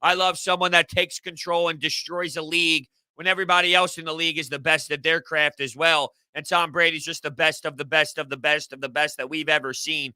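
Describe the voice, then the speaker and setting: A man hosting a casual live sports stream, answering chat in an animated, rambling way. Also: fairly high pitch, fairly quick, few pauses, clear, resonant tone, no echo. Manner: animated, rambling, repeats himself. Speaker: sports podcast host reading live chat.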